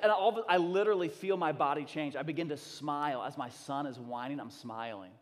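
A fairly high-voiced man in his thirties delivers a sermon from a church stage, with long reverb hanging in the sanctuary. He preaches with fervor, swinging from quiet, intimate passages to loud, emphatic bursts. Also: fairly quick, hardly any pauses. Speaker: pastor.

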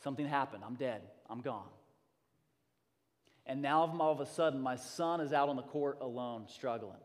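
A man in his thirties preaching a sermon as a pastor, impassioned and emphatic, dropping to a hush and then rising loud again. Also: medium pitch, normal speed. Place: church sanctuary. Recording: long hall reverb.

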